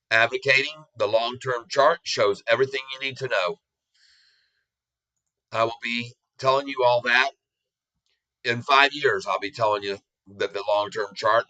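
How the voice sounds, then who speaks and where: An older man talks through stock charts in a casual, confident way, joking and chuckling as he goes. His voice is very bright and forceful at a middling pitch. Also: poor audio. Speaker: stock market vlogger.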